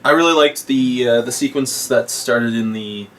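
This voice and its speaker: A man's voice: medium pitch, moderate pace, fairly bright tone. A young man casually retelling a film's plot, quoting characters in funny voices and laughing often. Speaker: podcast co-host. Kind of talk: casual movie review chat. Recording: distant mic with faint noise.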